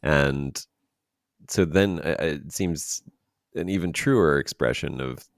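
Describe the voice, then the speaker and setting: A man hosting an interview, asking halting, searching questions. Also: rumbling low, no echo, studio quality. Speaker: podcast host. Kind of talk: casual interview.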